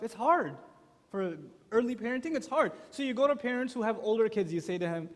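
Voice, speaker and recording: A male preacher gives an animated, joking talk to a live audience of parents. His voice sits high for a man, and it rings with a long echo around a large hall. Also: fairly quick. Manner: animated, acts out quotes. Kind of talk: humorous sermon talk. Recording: echoey hall.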